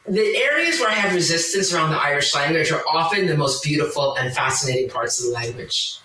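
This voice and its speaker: Enthusiastic woman guest, bright tone, heard from a distance in a roomy space. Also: sits low, expressive, fairly quick, few pauses. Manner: enthusiastic, full of asides and tangents. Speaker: podcast guest. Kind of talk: conversational explaining.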